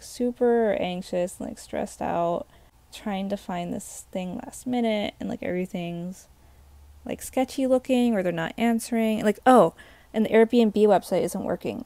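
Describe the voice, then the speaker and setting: A woman's voice: medium pitch, dark tone, no echo. A young woman vlogger telling a rambling, exasperated storytime in a hotel room, full of fillers. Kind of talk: casual storytime.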